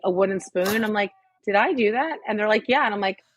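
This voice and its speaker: A woman's voice: mid-range voice, brisk, a little hiss or hum. A woman co-hosting a podcast, talking frankly and swearing freely in casual chat. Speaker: podcast co-host.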